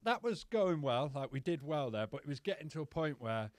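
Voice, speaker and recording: A man's voice: a little high, very animated, a little fast, no room sound. A young British man talking as a guest DJ, casual and blunt with lots of swearing. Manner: blunt, heavy swearing, rambling. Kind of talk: casual podcast chat.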